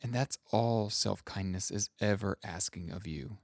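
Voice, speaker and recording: A man with a low, gravelly voice hosts a podcast as a self-kindness coach. He speaks slowly and gently, feeling his way through each thought with soft pauses. The sound is close and dry. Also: no echo. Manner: gentle, unhurried, searching for words with soft fillers. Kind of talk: reflective podcast introduction.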